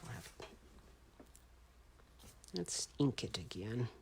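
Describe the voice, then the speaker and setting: With an extremely low, gravelly voice that's darkish and slightly rough, a middle-aged woman talks very animatedly and slowly while making a greeting card. She rambles and talks to herself in a casual crafting chat, with paper crinkling and stamp clicks in the background.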